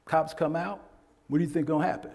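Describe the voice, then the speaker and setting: A man leading a workshop, lecturing in a conversational, animated way with frequent laughs, recorded in an echoey hall. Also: a little high, quick pace. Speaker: workshop presenter. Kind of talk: lecture with storytelling.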